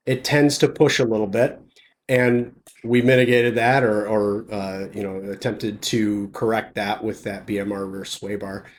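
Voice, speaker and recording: A man hosting a casual conversation, explaining car details in a relaxed, technical way. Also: lowish voice. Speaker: host.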